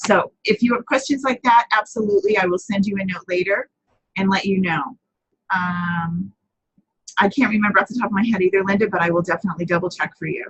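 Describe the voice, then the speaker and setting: A woman's voice: medium pitch, fast talker, a bit bright, husky, rough recording. A woman hosting a live papercrafting chat, talking casually, answering viewers by name and often correcting herself as she goes.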